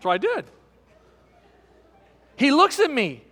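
A man's voice: extremely high pitch, wildly swooping pitch, slow pace, pushed and bright, in a large hall. A middle-aged man pastor preaching a sermon, telling a folksy personal story and calling his listeners friends.

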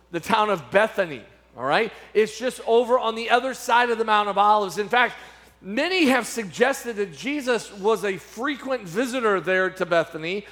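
A middle-aged man preaching from the pulpit in a high, ringing voice. He repeats his key phrases and leans into dramatic pauses. His volume rises and falls as he drives each point home. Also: fairly bright tone. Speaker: pastor. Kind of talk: sermon.

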